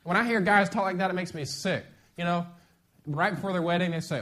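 A middle-aged man preaching a sermon as pastor, lively and conversational, with sudden bursts of emphasis. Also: high-pitched, fast talker.

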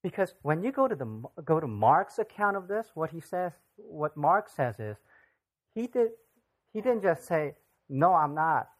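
Preacher chatting through a sermon, really animated up and down voice, keeps asking the crowd stuff. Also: medium pitch, normal speed. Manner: lively, asks the audience direct questions; conversational, acts out scripture voices.

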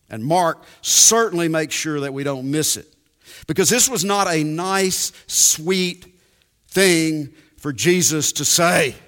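A man preaching a sermon, emphatic and deliberate, repeating his key points. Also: a little high, fairly bright tone, big-room sound.

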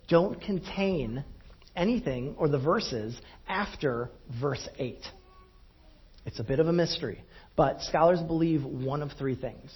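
A man's voice: on the high side, breathy edge. A man preaching a sermon, telling a self-deprecating story in a conversational way and laughing at himself. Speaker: pastor. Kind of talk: sermon with personal anecdote. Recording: dull lo-fi recording.

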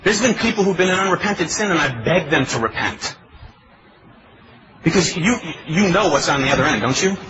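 A man's voice: fairly high pitch, expressive, a little fast, background noise. Man preaching an emphatic sermon, lo-fi. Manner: pleading, emphatic preaching with rhetorical questions. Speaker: pastor. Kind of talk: expository sermon.

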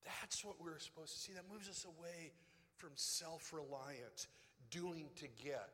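A man preaching a sermon as a pastor, animated, sometimes dropping to a hushed whisper. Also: a little high, a little slow. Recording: preached in a reverberant hall.

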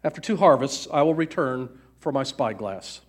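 A man voicing a wise old male traveler who speaks slowly and calmly in a storybook reading. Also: medium pitch, husky, pitched below the performer's own voice.

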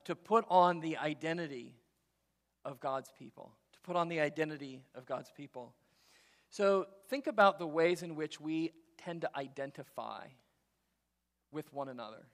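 Man preaching, conversational sermon, fairly high voice, long reverb from a big hall. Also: fairly bright tone. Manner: conversational, acts out biblical characters in quick asides. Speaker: pastor.

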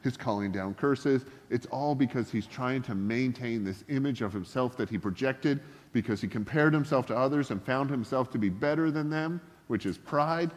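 A man preaching a sermon, telling stories with lively voiced quotes. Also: mid-range voice, big-room sound. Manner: animated storytelling with voiced quotes. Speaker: pastor.

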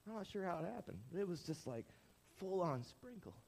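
A male pastor in his forties tells stories from the pulpit of a church, acting out quotes as he goes with animated energy. His voice is high and his pace brisk.

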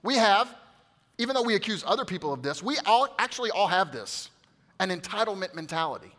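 A man preaching a sermon to his congregation, swinging from loud emphatic peaks to quiet hushed asides and coaxing responses from the room. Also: high-pitched, sing-song, a little fast. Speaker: pastor.

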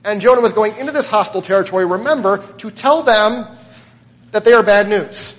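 A man's voice: high-pitched, brisk, a bit bright, long reverb tail. A man preaching a sermon as pastor, conversational and often putting questions to the congregation. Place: church.

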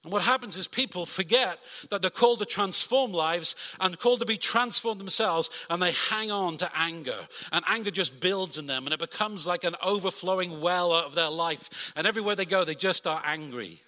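A man preaching a sermon from the front, animated and lively, acting out quoted voices. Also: high voice, moderate pace, hardly any pauses. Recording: long hall reverb.

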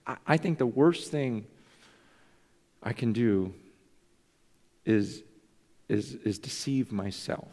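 A man's voice: mid-range voice, animated, slow, long pauses, darkish tone. A man preaching a sermon as pastor, earnest and confessional, questioning himself aloud. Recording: long reverb in a large hall.

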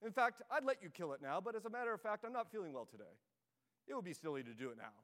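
Evasive, flustered male ghost, voiced by a man reading aloud, high voice, hall reverb. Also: big pitch swings, quick pace, a bit bright. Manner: hedging, evasive, politely flustered. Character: dithering, excuse-making male ghost from hell.

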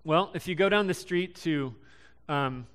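A young man in his twenties giving a casual sermon, halting and full of ums and restarts. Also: fairly high pitch, a bit bright, clean tone. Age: young adult. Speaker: preacher.

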